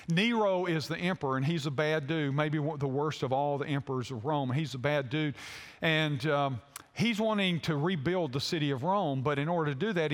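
A male pastor with a high voice preaches a story-driven sermon. He stops and restarts often, filling gaps with uh and um. A long reverb fills the hall around him. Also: a bit bright. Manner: halting storytelling with many fillers.

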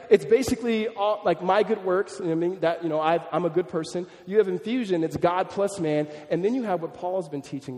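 High-voiced guy preaching, chatty and animated, long church echo. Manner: animated, conversational preaching with repeated restarts. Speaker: pastor. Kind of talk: sermon.

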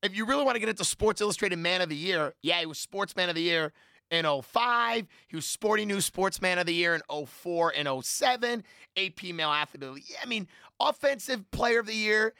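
An emphatic man on a sports panel who drives his point home again and again. His voice is bright and lively, leaping up and down in pitch, and the sound is close and dry. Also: a little fast, creaky, clear, resonant tone, no echo. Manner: emphatic, repetitive, argumentative. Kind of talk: heated sports debate.

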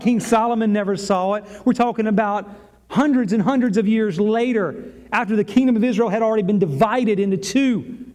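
A male pastor giving a sermon, retelling a scene dramatically with long pauses and repetition. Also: high-pitched, a little mellow.

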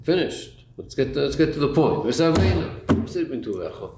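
A man's voice: mid-range voice, sing-song, a little fast, creaky. A man teaching a Torah class, asking rhetorical questions and repeating words as he works through a point. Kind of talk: Talmudic-style class lecture. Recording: roomy recording with faint hum.

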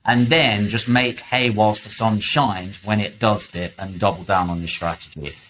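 A man's voice: on the low side, slight background noise. A man talking as a podcast guest, emphatic and fired up, swearing freely. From United Kingdom. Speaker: podcast guest, property investor. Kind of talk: casual podcast chat.

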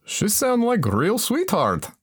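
A man's voice: sits high, huge pitch swings, unhurried, breathy edge, exaggerated voice. A man doing a brash guy in broken English. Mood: insistent. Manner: broken English, drops articles. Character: brash man playing a swaggering Texan persona. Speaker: comedy sketch character. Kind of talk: comedic sketch acting.

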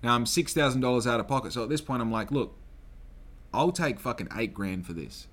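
A young Australian man hosting a solo podcast, telling a long story in a loose, swearing, animated way and acting out the people he quotes. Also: mid-range voice, a little fast. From Western Australia. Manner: swears freely, acts out quoted people, gets loud when excited. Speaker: podcast host.

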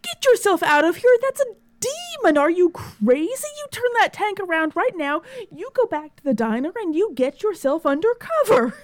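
A woman voicing a frantic hunter who yells scolding warnings at a friend. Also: very high-pitched, sing-song, extremely slow, pitched above the performer's own voice, exaggerated voice.

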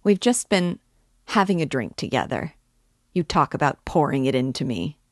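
A woman's voice: low voice, sing-song, moderate pace, dry recording, studio quality. A woman voicing a tipsy cheerful young clerk. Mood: surprised.

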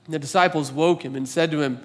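A man in his thirties preaching a sermon, telling a personal story in a conversational, animated way with filler words. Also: on the high side, quick pace. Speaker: pastor.

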